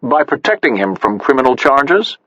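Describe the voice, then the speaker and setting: A man voicing a cool, self-assured wealthy man with a crisp manner, in an audiobook. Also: medium pitch, sing-song, normal speed, fairly bright tone, dry recording, pitched above the performer's own voice. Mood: smug. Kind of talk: audiobook character voice. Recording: dull, slightly muffled.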